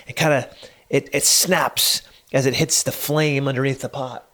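A man's voice: a little high, fairly even intonation, moderate pace. A middle-aged man hosting his own podcast, telling a story in a loose, conversational way with small chuckles and hesitations. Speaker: podcast host. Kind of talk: solo podcast monologue. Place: home studio.

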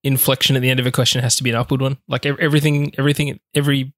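Casting Male podcast co-host from abroad, teasing and inquisitive, mid-pitched voice, dry close mic. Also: little pitch movement, racing, fairly bright tone, no echo. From outside the United States. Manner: playful, teasing and questioning. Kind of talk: casual chat.

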